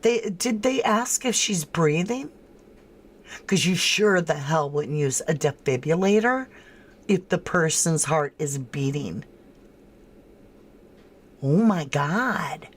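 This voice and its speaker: Woman, livestream host, casual commentary on chat, low voice and slow delivery. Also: lively intonation, husky. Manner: talkative, incredulous, thinks aloud and answers chat by name. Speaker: true crime livestream host.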